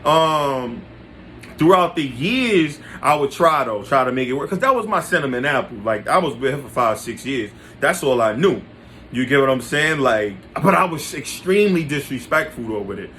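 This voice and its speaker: A man's voice: mid-range voice, lively intonation, moderate pace, fairly bright tone. A man casually telling stories about his past relationships, blunt, slangy and profane, often talking straight to his listeners. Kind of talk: casual storytelling to camera. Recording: faint background noise.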